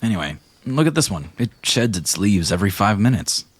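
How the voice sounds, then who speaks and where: A man runs a tabletop game with playful, animated narration. His voice sits low but rises and falls a lot, and the recording is dry and close. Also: brisk, breathy edge, dry recording. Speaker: game master.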